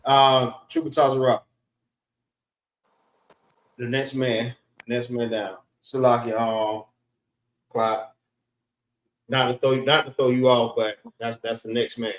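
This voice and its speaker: In a rough recording with roomy sound, a man teaches a class online at a slow pace, pausing often. His medium-pitched voice keeps a level tone as he lectures casually and keeps checking in with a repeated "all right."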